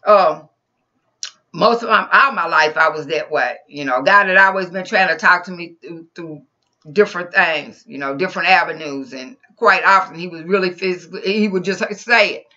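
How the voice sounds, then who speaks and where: A woman's voice: on the low side, moderate pace, bright, forceful tone, highs cut off. A woman preacher giving an informal, rambling sermon into a computer mic, with frequent restarts and asides.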